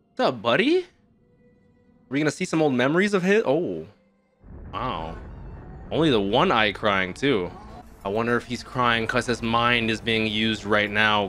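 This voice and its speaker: A young man hosting an anime reaction, talking in casual slang with some swearing, swinging from hushed awe to loud excited outbursts. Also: mid-range voice, a little hiss or hum. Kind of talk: live reaction commentary.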